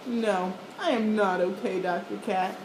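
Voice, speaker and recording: A woman's voice: mid-range voice, fairly even intonation, measured pace, voice pushed down, close to an everyday voice. Gerald, a woman voicing an anxious sneezy elephant. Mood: dramatic. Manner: fretful, with big theatrical sneezes. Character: gentle worried male elephant, anxious and sneezy. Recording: echoey room with background noise.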